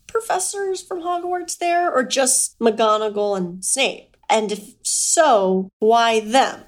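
A woman's voice: fairly high pitch, animated, takes it slowly. A woman co-hosting a casual book discussion podcast, playful and chatty, laughing often as she talks. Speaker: podcast co-host.

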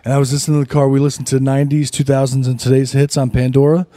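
A man's voice: mid-range voice, little pitch movement, rapid-fire, warm tone, dry recording. A young man, a podcast guest, chatting casually, swearing, laughing easily and breaking into song. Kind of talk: casual chat.

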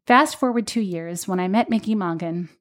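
A woman's voice: mid-range voice, moderate pace. A woman who teaches birth classes, telling her own birth story in casual podcast chat, acting out the lines she quotes. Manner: animated storytelling with quoted voices. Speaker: birth educator.

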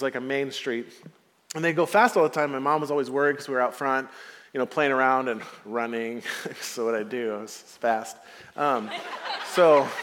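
Casual storytelling pastor in a hall. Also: male voice, a little high, a bit bright. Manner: casual, storytelling, laughs often. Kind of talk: sermon. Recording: long hall reverb.

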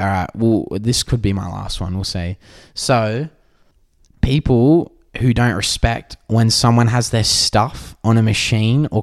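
A man with an Australian accent co-hosting a podcast, telling stories animatedly with plenty of swearing. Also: lowish voice. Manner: animated storyteller, swears freely. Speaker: podcast co-host. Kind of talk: casual podcast chat.

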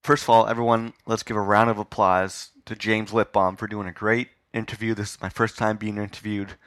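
A man hosting his podcast live on stage for an audience chats in a casual interview, rambling with fillers and self-mockery. His voice is on the low side and a bit bright, level in tone and a little fast, with no echo.

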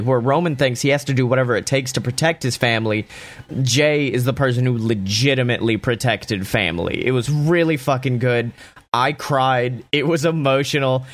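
A young man casually recapping a wrestling show, talking excitedly and swearing a lot. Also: no echo. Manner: excited, profane, acts out quotes in raised pitch.

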